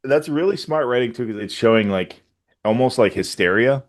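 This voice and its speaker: A man's voice: medium pitch, lively intonation, normal speed, no room sound, studio quality. A man co-hosting a casual podcast, talking loosely and jokingly with lots of fillers. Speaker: podcast co-host. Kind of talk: casual chat.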